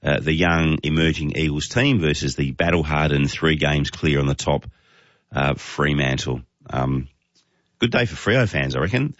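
A man's voice: very deep voice, moderate pace, fairly bright tone, no room sound, lo-fi sound. A man with an Australian accent hosting casual talkback radio, chatting and reading out listener texts with chuckles. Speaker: talk radio host.

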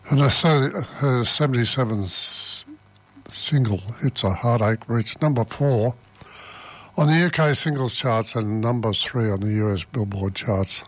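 A man hosting community radio in casual chat, rambling and self-deprecating, stumbling over his words. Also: lowish voice. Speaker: radio host.

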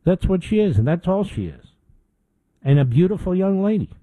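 A man's voice: high voice, big pitch swings, normal speed, mellow, no room sound, rough recording. A middle-aged man hosting a political talk show, delivering an indignant opinion monologue with emphatic repetition.

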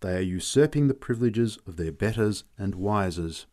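Expressive, deep-voiced male storyteller. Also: moderate pace. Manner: wry, expressive. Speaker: audiobook narrator. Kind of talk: reading classic fiction aloud.

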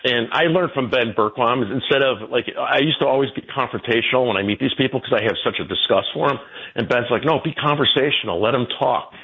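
A man in his sixties, a guest telling stories in a rambling way, his pitch jumping about as he goes. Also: fast talker, gravelly, breathy edge. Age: 60s. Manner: rambling storyteller, jumping pitch, laughs between. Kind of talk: casual interview talk. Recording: tinny phone line.

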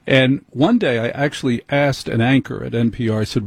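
Husky-voiced opinionated male host. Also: mid-range voice, moderate pace, hardly any pauses, no echo. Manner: opinionated, mimics others for effect. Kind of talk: conversational commentary and interview.

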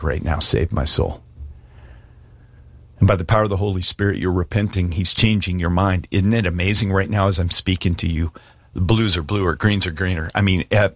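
A man's voice: low voice, breathy edge, no echo. A middle-aged man preaching a sermon and making an earnest, pleading altar call. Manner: earnest, pleading, shifts from hushed prayer to emphatic. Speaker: pastor.

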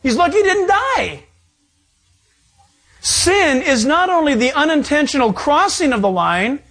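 A man preaching a sermon in a fairly high voice. He swings up and down in pitch as he preaches, leaning into joking asides. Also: big pitch swings, a little slow, a bit bright. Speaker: pastor.

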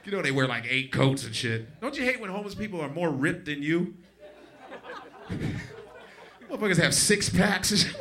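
A man's voice: a little high, lively intonation, moderate pace, pauses often, bright, forceful tone. A man doing a stand-up rant, exasperated and often giggling at his own jokes. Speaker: stand-up comedian. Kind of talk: stand-up routine.

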